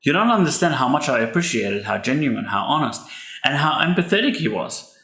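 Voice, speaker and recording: A man's voice: mid-range voice, big pitch swings, a little fast, vocal fry, fairly bright tone. A man, a pastor's son hosting a podcast, giving earnest, heartfelt advice about grief. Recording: echoey room.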